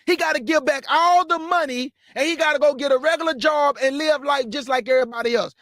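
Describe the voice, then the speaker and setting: A man preaching a fiery, blunt rant, mocking and scolding his listeners directly and sometimes bursting into shouts. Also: very high voice, fast, dry recording, studio quality. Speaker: preacher and show host.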